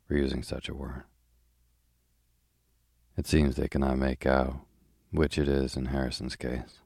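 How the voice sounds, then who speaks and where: A pious, chattering older spinster housekeeper, read by a man for a sleepy bedtime audiobook. The voice sits extremely low and barely moves in pitch. It is dry and close to the mic. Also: vocal fry, darkish tone, husky, no room sound, exaggerated voice. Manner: chatty, prim, old-fashioned.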